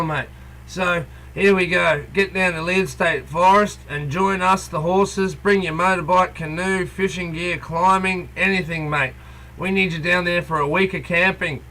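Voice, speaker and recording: An Australian activist vlogger rants bluntly and passionately to camera outdoors near a coal mine. His voice is a little high with a sharp tone, and he says "mate" to everyone constantly.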